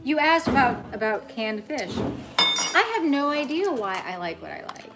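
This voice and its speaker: A woman's voice: high-pitched, big pitch swings, moderate pace, very noisy. A woman chatting and teasing her husband in their home kitchen while he cooks. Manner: teasing, laughing. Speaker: host's spouse. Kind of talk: casual chat.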